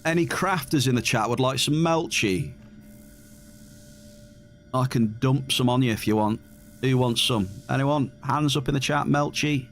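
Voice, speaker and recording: A man's voice: medium pitch, unhurried, pauses often, slight background noise. Dry-humored man streaming a game. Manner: dry teasing, banters with chat. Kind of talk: casual live-stream chat with viewers.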